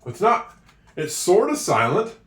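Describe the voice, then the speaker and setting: A man teaching handwriting and spelling at a board, with slow, encouraging talk and drawn-out words. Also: high voice, wildly swooping pitch, a bit bright. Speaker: English teacher. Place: room with a whiteboard. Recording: echoey room, voice from a distance.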